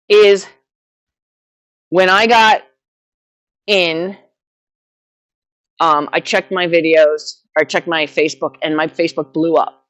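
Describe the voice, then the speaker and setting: A woman with a slightly low voice tells a long, meandering story to her vlog audience. She sounds casual and self-deprecating and keeps laughing at her own mishaps. She comes across as middle-aged and unpolished. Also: fairly even intonation, slow, pauses often, fairly bright tone. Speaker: horse trainer vlogger.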